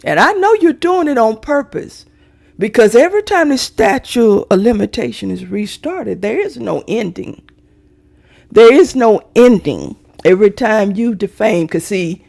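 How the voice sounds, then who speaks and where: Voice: mid-range voice, big pitch swings, measured pace, creaky, darkish tone. A middle-aged vlogger ranting to viewers in a brash, profane, theatrical way, straight into a phone or webcam.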